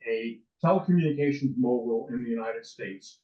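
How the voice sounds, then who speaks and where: A man's voice: medium pitch, normal speed, warm tone. A man in his sixties, a lawyer and interview guest, telling stories in a rambling way with many restarts and fillers. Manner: rambling, with frequent restarts and ums. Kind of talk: casual interview storytelling. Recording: distant, roomy, dull sound.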